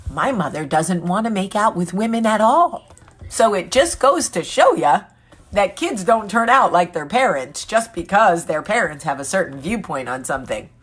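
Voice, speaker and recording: A woman's voice: mid-range voice, lively intonation, normal speed, breathy edge. A woman in her forties hosting a casual live chat with viewers, joking candidly and answering their comments. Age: 40s. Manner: candid, joking and chatty, reading comments aloud. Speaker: vlog host.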